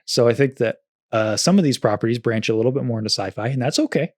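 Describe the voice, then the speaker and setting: A man's voice: medium pitch, fast talker, a little mellow, no room sound. Dry-miked man musing on film scores. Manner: thoughtful, careful with facts, qualifies his points. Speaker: podcast co-host. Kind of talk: casual film discussion.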